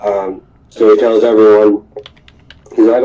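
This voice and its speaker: A man's voice: lowish voice, flat delivery, slow, pauses often, warm tone, low-quality recording. A man casually recapping a cartoon episode, rambling with many fillers and restarts. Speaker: podcast host.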